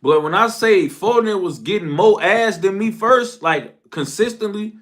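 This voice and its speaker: A man telling a casual story, slang-heavy and profane, jumping from shouted outbursts to low mumbled asides. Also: expressive, measured pace.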